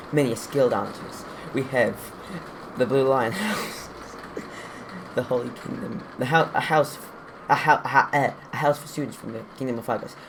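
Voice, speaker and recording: Give me a jokey man commentating a video game, gravelly voice, with background noise. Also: mid-range voice. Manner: jokey, reads menu text aloud. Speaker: let's play host. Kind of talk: casual gameplay commentary.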